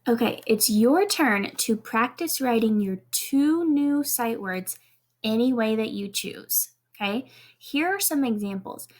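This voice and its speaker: A woman with a fairly high voice teaching a kindergarten video lesson. She speaks slowly and clearly, spelling words letter by letter and cheering the children on. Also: animated. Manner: encouraging, slow and clear, spells out letters one by one.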